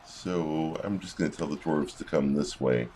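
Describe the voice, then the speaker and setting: A man's voice: very deep voice, normal speed, warm tone, a little hiss or hum. A man giving casual gameplay commentary, reading in-game combat logs aloud with wry asides.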